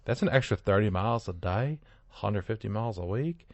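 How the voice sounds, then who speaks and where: A man's voice: on the low side, lively intonation, fairly quick, darkish tone, dry recording, highs cut off. A man co-hosting a comedy podcast, reading out odd news stories with a dry, sarcastic delivery. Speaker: podcast co-host.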